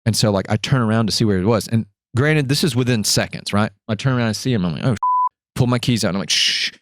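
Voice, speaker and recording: A man hosting a podcast, telling a story in a casual, animated way, acting out voices and swearing freely. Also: on the low side, racing, dry recording, clean studio sound. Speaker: podcast host.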